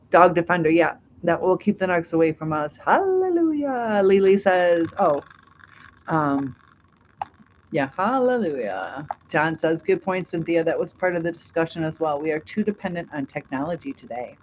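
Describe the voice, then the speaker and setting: A woman's voice: sits low, lo-fi sound, slight background noise. A middle-aged woman hosting a casual live stream, reading out chat comments, chatty with frequent laughs and fillers.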